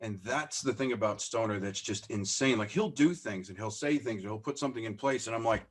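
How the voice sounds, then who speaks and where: Lowish and fairly quick, his voice carries a breathy edge. He's a podcast guest who runs a business, animatedly recounting stories in a laid-back interview, voicing the dialogue and laughing at himself throughout.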